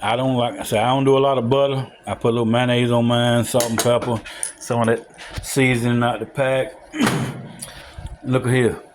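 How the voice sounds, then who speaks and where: A man's voice: medium pitch, moderate pace. Man, chatty home cook, folksy, faint hiss behind. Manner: folksy and chatty, talking straight to viewers, excited whoops. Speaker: home cook showing a recipe. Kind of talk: casual cooking video narration. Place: home kitchen.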